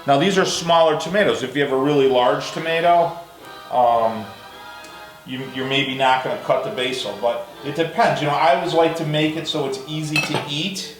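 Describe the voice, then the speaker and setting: A man's voice: a little high, normal speed, distant mic. A chatty, enthusiastic man with a slightly raised voice hosts a cooking demonstration. He sounds a little off the mic in a roomy space. Faint music plays underneath. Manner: enthusiastic, chatty, addresses viewers as guys. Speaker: cooking show host. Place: villa kitchen in Italy, outdoors breeze.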